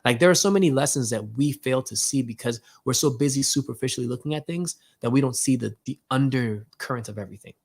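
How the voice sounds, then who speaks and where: Gravelly man telling a casual story. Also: medium pitch, fast, hardly any pauses. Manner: casual slangy talk, many "like" and "yo" fillers; animated, acts out both sides of conversations. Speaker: host. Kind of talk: casual storytelling monologue with spiritual reflection.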